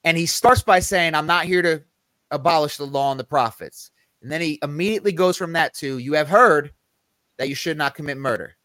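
This Bible study podcast host has a fairly high, somewhat bright voice and talks a little fast, with no echo. He walks through scripture in a relaxed, conversational manner, correcting himself along the way and hitting quoted verses with emphasis.

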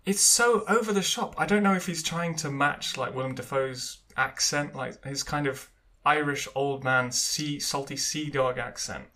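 Male podcast co-host, bright voice, chatty, hesitant fillers. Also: medium pitch, normal speed, few pauses. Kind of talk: casual chat.

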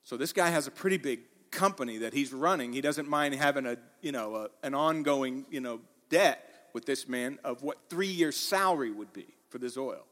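A man preaching a sermon in a church, animated, acting out the quoted lines with rising intensity. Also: mid-range voice, moderate pace, hardly any pauses, in a large hall. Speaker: pastor.

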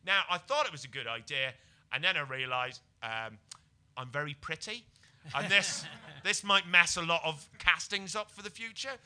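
A British man, a comedian guest, telling a comic story on a podcast, jumping between quiet mutters and excited bursts. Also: normal speed, smooth. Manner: animated, swings from low mutters to excited bursts.

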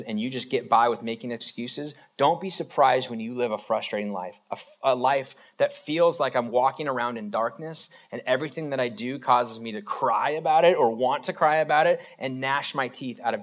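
A man's voice: medium pitch, a bit bright. A man, a pastor, giving an informal, conversational sermon built on everyday examples. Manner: informal, talks through everyday examples, acts out quick voices.

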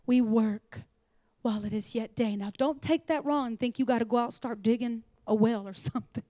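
High-voiced woman preaching with lively emphasis. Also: a little fast, no echo, studio quality. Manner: animated, laughing, dropping to whispers. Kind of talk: sermon. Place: church.

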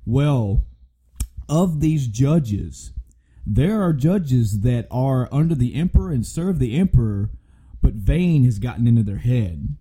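A man co-hosting a podcast, retelling a game story in a casual, animated way with plenty of swearing and restarts. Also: mid-range voice, slow pace, slightly rough, rough recording. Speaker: podcast co-host.

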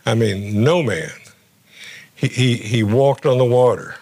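A man's voice: mid-range voice, a little slow, darkish tone, breathy edge. A middle-aged male guest pastor preaching a sermon in a conversational way, often stumbling and repeating his words as he goes.

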